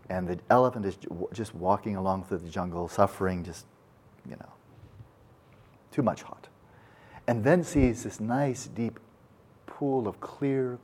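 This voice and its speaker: A male meditation teacher giving a dharma talk at a retreat, telling a parable in a folksy, animated way with casual asides. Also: on the low side, breathy edge.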